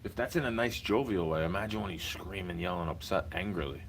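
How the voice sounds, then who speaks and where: A man's voice: low-pitched, fast, creaky, a little hiss or hum, low-quality recording. A young man ranting in a casual vlog, slangy and heated, repeating himself as he vents.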